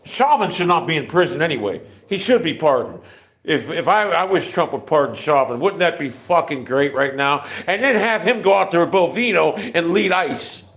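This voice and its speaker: Fifties guy on a live stream, kinda high voice, swears a lot, rambles and gets irritated. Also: animated, moderate pace, fairly bright tone. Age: 50s. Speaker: livestream host. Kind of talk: casual livestream chat.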